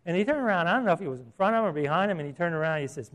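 A man's voice: on the high side, lively intonation, racing, few pauses. A middle-aged man preaching a sermon as a pastor, earnest and emphatic, asking his listeners questions.

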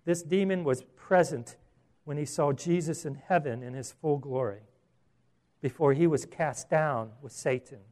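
Male pastor, sermon delivery, conversational and animated, voice a bit high. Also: unhurried. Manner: animated and conversational, with rhetorical questions.

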